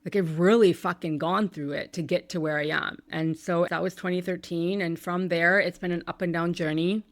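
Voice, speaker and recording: A woman's voice: fairly low pitch, fairly even intonation, moderate pace, no room sound. A woman podcast host in her thirties telling a painful personal story, candid and emotional, with some swearing.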